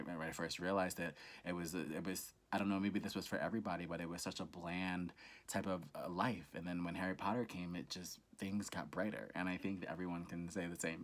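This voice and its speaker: Deep-voiced young man gushing on a vlog. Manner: gushing, enthusiastic, rambling with many fillers. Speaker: reaction channel host. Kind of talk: casual reaction vlog.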